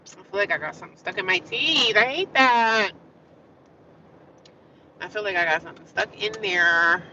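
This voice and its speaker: A woman's voice: medium pitch, lively intonation, normal speed, pushed and bright, a little hiss or hum. A woman chatting casually with viewers on a livestream, rambling and repeating herself. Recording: distant, slightly dull phone audio.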